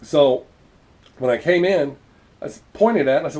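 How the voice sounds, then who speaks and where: A man's voice: on the high side, moderate pace, darkish tone. A middle-aged man telling wry, profane stories about raising his children in a casual vlog monologue. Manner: wry, profane, self-deprecating storyteller. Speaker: vlogger.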